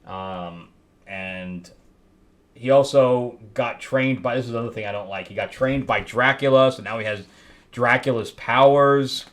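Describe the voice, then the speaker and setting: A man's voice: medium pitch, a little slow, a bit bright. A man hosting a casual comic book review, rambling and exasperated, with laughing asides. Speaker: host.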